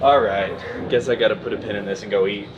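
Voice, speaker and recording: A man's voice: fairly low pitch, fairly even intonation, fast, lo-fi sound, noisy background. A man hosting a food vlog, asking curious questions in a casual chat. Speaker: vlogger host.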